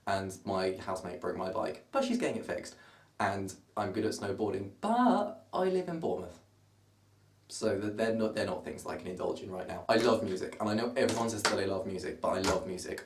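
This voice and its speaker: A twenty-year-old man from the south of England with a southern English accent, chatting in a self-mocking, rambling way to camera in his bedroom. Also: lowish voice. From Surrey, south of England. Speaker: vlogger. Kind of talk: casual rambling monologue to camera. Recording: roomy bedroom, camera at a distance.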